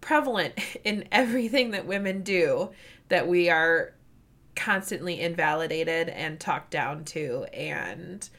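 A woman with a Midwestern accent, chatting casually as a co-host of a book discussion, rambling and animated, swearing and laughing often. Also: on the low side, unhurried. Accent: Midwestern American.

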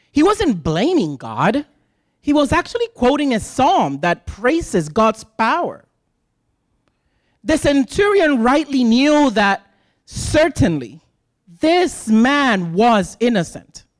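An impassioned sermon from a Puerto Rican-accented man in his thirties whose first language is Spanish. His voice swings widely in pitch as he leans on rhetorical questions and emphatic repeats. The sound is dry and close, with no room around it. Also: sing-song, slow, dry recording. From Puerto Rico. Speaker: lay preacher addressing a congregation.

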